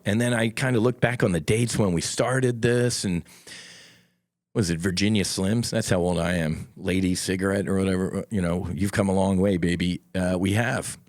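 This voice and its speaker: A man's voice: low voice, moderate pace, dry recording, clean studio sound. Blunt, impassioned middle-aged male podcaster. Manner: blunt, impassioned, swears freely. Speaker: podcast host. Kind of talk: solo podcast monologue.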